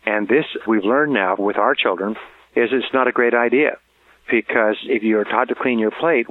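A man's voice: mid-range voice, no room sound. Middle-aged man, motivational talk, earnest, emphatic repetition, dry close sound, tinny narrow audio. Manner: earnest, repeats key words for emphasis, chuckles at his own anecdotes. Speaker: motivational speaker. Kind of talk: recorded parenting talk.

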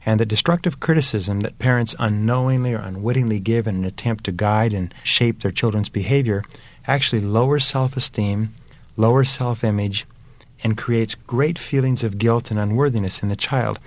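A man's voice: on the low side, normal speed, dry recording. A man giving earnest, emphatic parenting advice in a motivational talk, building his points through repeated phrases. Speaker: parenting speaker.

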